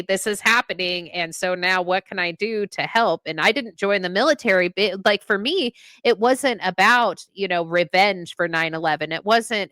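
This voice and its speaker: A woman in her thirties, a podcast co-host and veteran, talking in a heartfelt, halting way and reading a poem. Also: lowish voice, fairly bright tone, no echo. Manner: emotional, halting with restarts.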